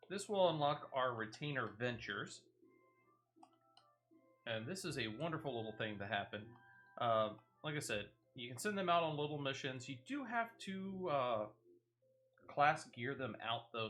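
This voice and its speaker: A man's voice: medium pitch, fairly bright tone. A man streaming a video game, chatting casually with his viewers and stopping often on "uh". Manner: chatty, many "uh" fillers. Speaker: variety streamer. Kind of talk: casual gameplay commentary.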